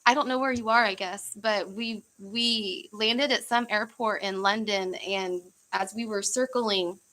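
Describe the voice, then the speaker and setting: A woman's voice: mid-range voice, steady tone, measured pace, bright, forceful tone, poor audio. A young woman from the United States chatting casually on a livestream, rambling with fillers and easy laughs. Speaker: livestream host.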